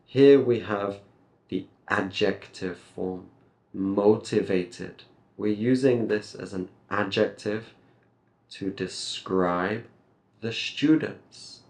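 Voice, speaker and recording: Slow, deliberate male pronunciation teacher. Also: on the low side, creaky, darkish tone. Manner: reads a script aloud, then breaks words into sounds.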